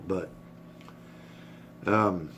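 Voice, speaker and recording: A man's voice: deep voice, very slow, noisy background. A middle-aged man rambling candidly in a casual personal vlog, swearing freely and getting choked up. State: emotional, choked up. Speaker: vlogger.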